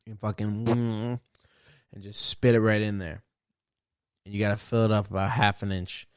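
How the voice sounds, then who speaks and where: A man's voice: fairly low pitch, flat delivery, moderate pace, clear, resonant tone, no echo, clean studio sound. A young man hosting a solo podcast, ranting in a profane, boastful, rambling way. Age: young adult. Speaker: podcast host.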